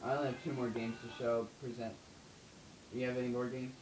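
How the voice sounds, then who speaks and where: A man co-hosting a casual video-chat update, halting and often laughing. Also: mid-range voice, level tone, a little mellow. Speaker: co-host. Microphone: Wii U chat mic. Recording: echoey room with music.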